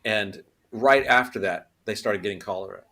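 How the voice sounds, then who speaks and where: A low-voiced man rambles through a casual comedy panel chat and stacks his points with fillers and restarts. He talks in an easy, loose conversational way. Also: moderate pace, bright, forceful tone.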